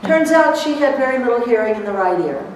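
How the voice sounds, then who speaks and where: Animated woman lecturing in an echoey hall. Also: on the high side, quick pace, slight background noise. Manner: animated storyteller, laughs often, acts out quotes. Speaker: seminar speaker for court reporters. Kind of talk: motivational seminar talk. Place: seminar hall. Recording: echoey hall, recorded from far off.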